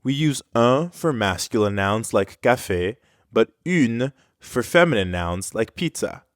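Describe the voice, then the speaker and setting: A man co-hosting a scripted language lesson, explaining clearly. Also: medium pitch, lively intonation, unhurried, no room sound, clean studio sound. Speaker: French teacher.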